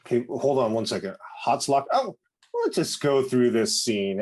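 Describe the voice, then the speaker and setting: A man's voice: medium pitch, animated, normal speed, a little mellow. A man co-hosting a podcast in casual chat, asking lots of questions and laughing often. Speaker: podcast co-host.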